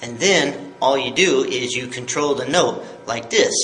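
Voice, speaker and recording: A man teaches yodeling in a patient, upbeat tutorial video, explaining every step plainly. His mid-range voice is fairly bright and a little slow, recorded in an echoey room with faint noise.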